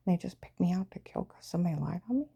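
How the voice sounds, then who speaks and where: A woman's voice: lowish voice, lively intonation, very fast, vocal fry, warm tone, husky. A woman telling a rambling, agitated personal story, often dropping into a half whisper.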